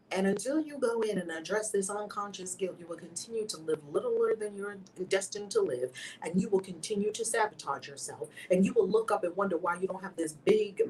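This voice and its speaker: A woman speaks with impassioned, preacher-like emphasis, her voice swinging between loud exclamations and near-whispers. She sits a little back from the mic, and a faint hiss of background noise runs under her voice. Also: medium pitch, far from the mic, low-quality recording. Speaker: host of a spiritual video channel. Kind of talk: impassioned spiritual teaching to camera.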